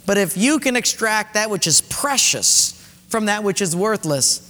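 A male pastor preaching an emphatic sermon, repeating key phrases and dropping to quiet, slow emphasis. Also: high voice, animated. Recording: long hall reverb.

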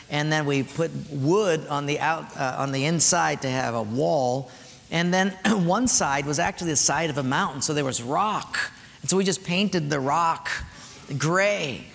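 Preacher in an echoey hall. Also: male voice, fairly high pitch, a little slow, gravelly, a bit bright. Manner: storytelling, emphatic, preachy asides. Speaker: pastor. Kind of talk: sermon. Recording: echoey hall, faint noise.

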